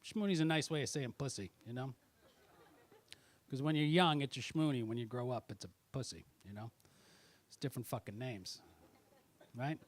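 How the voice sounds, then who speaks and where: A man performs stand-up comedy with crowd work, swearing constantly and swinging between muttered asides and loud, angry outbursts. His voice is mid-range, his pace normal, and he pauses often.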